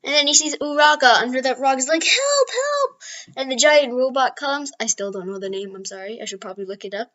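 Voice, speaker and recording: High-pitched woman improvising a fan story offhand, loose and rambling. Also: fairly even intonation, quick pace, hardly any pauses, a bit bright, muffled recording. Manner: rambling, with frequent restarts and apologies.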